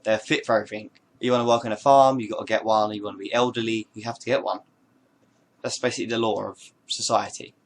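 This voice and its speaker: A man's voice: fairly low pitch, steady tone, fast. A man chatting casually to camera, showing his hats with playful, rambling jokes and asides. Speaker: vlogger. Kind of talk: casual show-and-tell to camera.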